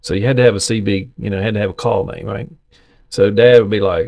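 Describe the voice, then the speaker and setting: A middle-aged man, telling animated, folksy stories as a podcast co-host in casual chat. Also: on the low side, fast talker, vocal fry.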